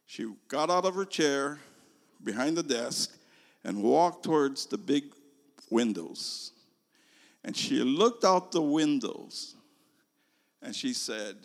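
Older male preacher, slow and animated. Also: medium pitch. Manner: slow storytelling, swings from loud emphasis to hushed whispers. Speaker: pastor. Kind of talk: sermon. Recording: long reverb of a large hall.

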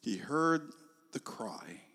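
Older male preacher, slow and animated. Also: mid-range voice. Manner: slow storytelling, swings from loud emphasis to hushed whispers. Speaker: pastor. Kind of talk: sermon. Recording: long reverb of a large hall.

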